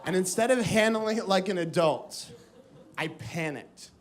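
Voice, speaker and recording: Loud crowd laughter fills this live recording from a comedy club, where an American man does stand-up in a high-pitched voice at a measured pace. He tells a story and acts out the voices of its characters for the audience.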